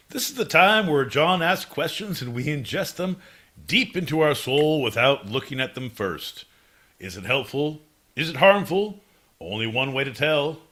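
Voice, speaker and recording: A male comedy podcast co-host who talks playfully and theatrically. His voice is animated, rising and falling with lots of movement, and he swings from loud outbursts to low mumbles.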